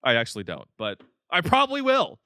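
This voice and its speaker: A man's voice: on the high side, huge pitch swings, brisk, pushed and bright, no echo, clean studio sound. A man hosting a podcast, ranting with profanity and exasperation, slipping into mocking voices of other people. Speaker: podcast host. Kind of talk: comedic rant.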